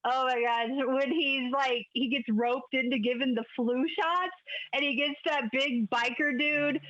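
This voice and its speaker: Woman, podcast co-host, high pitch, giggly chatty talk, dull dry recording. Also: fairly even intonation, measured pace, a bit bright. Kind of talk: casual chat.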